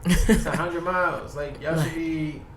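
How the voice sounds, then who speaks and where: A man's voice: a little high, steady tone, measured pace, echoey room, noisy background. A man from Baltimore, a podcast guest telling a long, profane, rambling story packed with quoted dialogue. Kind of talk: casual storytelling. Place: podcast studio.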